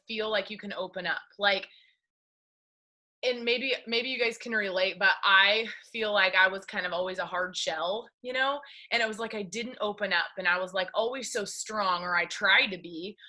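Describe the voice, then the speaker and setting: A woman's voice: mid-range voice, normal speed, sharp tone. A woman leading a casual group video call, chatty and peppering her talk with "like". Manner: chatty, heavy use of "like". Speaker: team leader hosting a video call.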